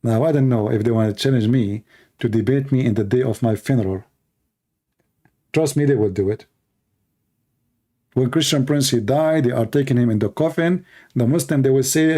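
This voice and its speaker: Pausing often at a moderate pace, a man with a warm, mid-range voice hosts a livestream. His unscripted monologue is combative and mocking, wandering as he goes, and his voice shows hours of strain.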